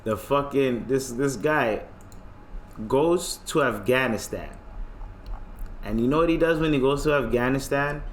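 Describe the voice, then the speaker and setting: A man's voice: mid-range voice, unhurried, pauses often, slight background noise. A man hosting a podcast alone, ranting loosely with lots of slang and swearing. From Canada. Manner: loose, profane, rambling rant with slang. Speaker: podcast host. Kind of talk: casual solo commentary.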